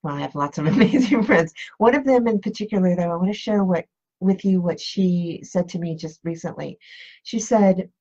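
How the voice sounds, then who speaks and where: A woman hosting a motivational live-stream talk. She speaks slowly and reflectively, repeating her questions. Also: lowish voice, a little mellow. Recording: dull lo-fi live-stream audio.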